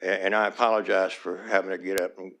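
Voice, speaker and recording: A man's voice: low voice, level tone, quick pace, a bit bright. A man, a small-town mayor giving public comment at a city council meeting, earnest and pleading, his voice turning emotional as he repeats his requests.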